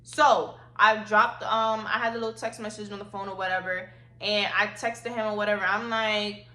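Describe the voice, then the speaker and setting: A young woman of 18 tells a personal story to her phone camera, slangy and emphatic, hammering her points home by repeating them. Her voice is bright and keen-edged, with a roomy echo around it. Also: mid-range voice, steady tone, moderate pace. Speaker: vlogger. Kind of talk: casual storytime vlog.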